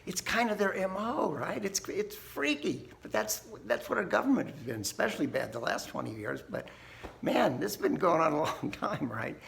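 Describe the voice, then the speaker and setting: A man's voice: a little high, very animated, normal speed, gravelly, fairly bright tone, slight background noise. A man hosting a think tank video, talking casually and folksily, often laughing and tagging "right?" onto his points. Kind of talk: casual talk to camera.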